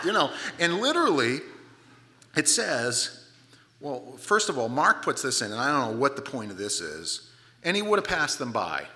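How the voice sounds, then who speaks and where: A man preaching a sermon, retelling a scripture story with lively asides and acted-out moments. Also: medium pitch, normal speed, long reverb tail. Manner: animated storytelling, acts out the scene, casual asides. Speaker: pastor.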